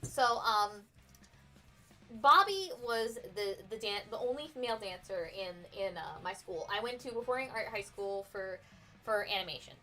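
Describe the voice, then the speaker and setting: A woman's voice: mid-range voice, lively intonation, normal speed, bright, forceful tone, soft background music. A young adult woman casually telling a story while streaming, in a chatty, profane way with frequent restarts. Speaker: artist streaming her work.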